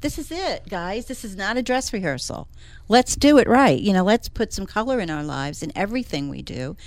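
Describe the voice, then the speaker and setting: A woman's voice: medium pitch, animated, a little fast, no echo. A woman who works as an interior designer, chatting casually and with enthusiasm as a regular on a talk show. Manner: chatty, enthusiastic, laughs often. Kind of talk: casual radio chat.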